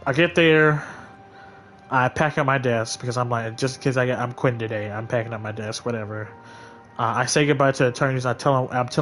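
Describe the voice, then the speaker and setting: A man's voice: medium pitch, fairly bright tone. A man streaming a game, casually telling a story in a blunt, venting, profane way. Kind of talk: casual storytelling while gaming.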